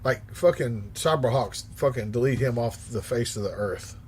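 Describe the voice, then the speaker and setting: A man in his fifties hosting a livestream, reading chat aloud and answering in a blunt, profane, animated way. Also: mid-range voice, normal speed, a little hiss or hum. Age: 50s.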